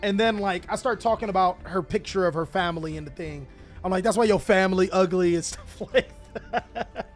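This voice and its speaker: A young man hosting his channel, telling a story casually to his chat, animated, laughing often and swearing freely. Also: sits high, moderate pace, faint music behind. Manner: animated, laughing, profane, chatty. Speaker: channel host.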